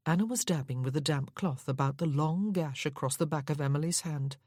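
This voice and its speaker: A woman narrating a Regency romance audiobook in a steady, measured way. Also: deep voice, breathy edge, no room sound. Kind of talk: reading a Regency romance novel aloud.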